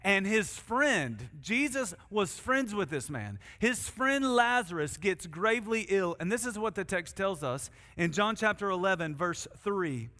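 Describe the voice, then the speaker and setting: A male pastor delivers a sermon in a high, bright voice. He speaks earnestly and with emphasis, slowing right down on the words he wants to land. His voice rings out with a long reverb, as if filling a big hall. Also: animated. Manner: earnest, emphatic, slows down to stress key words.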